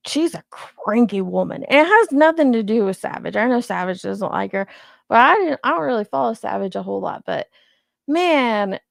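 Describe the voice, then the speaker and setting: Chatty woman with a gravelly voice. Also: on the high side, dry recording, clean studio sound. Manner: chatty, rambling, reacting to viewer comments. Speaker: commentary channel host. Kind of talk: casual livestream chat.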